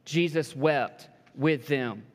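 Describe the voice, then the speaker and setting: Preacher with hall reverb. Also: male voice, medium pitch, slow pace. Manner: builds to emphatic peaks, drops to soft hushed lines; joking asides to the congregation. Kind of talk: sermon. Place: church sanctuary.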